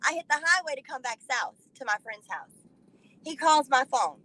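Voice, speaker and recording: High bright-voiced woman, blunt, cussing a lot, animated story time. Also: normal speed, poor audio. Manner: blunt and animated, swears freely. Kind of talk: casual profane storytelling.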